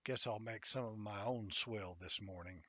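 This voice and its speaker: A man reading his own first-person novel aloud in a wry, conversational way, sometimes dropping into soft half-whispered asides, in a slightly muffled, dry recording. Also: fairly low pitch, moderate pace.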